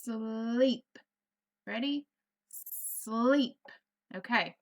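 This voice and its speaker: A woman with a Southern US accent teaches first grade phonics in a virtual classroom, stretching and sounding out words for young children. Her voice is fairly high and she draws out her words.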